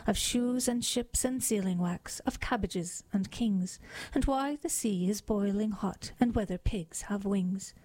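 A woman voicing a pompous, sentimental old male walrus in a radio poetry reading, raising her pitch slightly. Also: measured pace, mellow, natural voice. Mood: beseeching.

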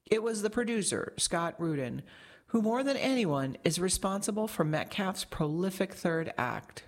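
A woman reads a long-form magazine article aloud as a scripted narrator, her voice sitting a touch low for a woman. She is measured and articulate, yet expressive too.

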